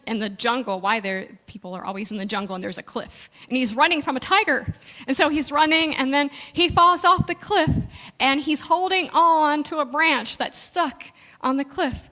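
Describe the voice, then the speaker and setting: A woman reverend delivers a sermon in an easy, conversational style and slows down to stress key phrases. Her voice is bright and somewhat high. Long reverb from the church sanctuary trails behind her words. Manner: conversational preaching, slowing down for emphasis.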